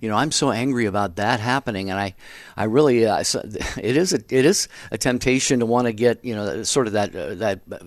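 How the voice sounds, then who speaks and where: A man co-hosting a Catholic talk radio show, speaking earnestly and reflectively, often pausing with fillers and restarting his sentences. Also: fairly low pitch, no room sound. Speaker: radio co-host.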